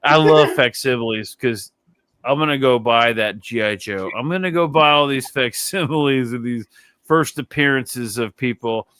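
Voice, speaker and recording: A man's voice: mid-range voice, normal speed, fairly bright tone, no echo, studio quality. A man hosting a casual podcast chat, telling rambling stories full of swearing and laughter. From Texas. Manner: rambling, profane storytelling with frequent laughs. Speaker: podcast host.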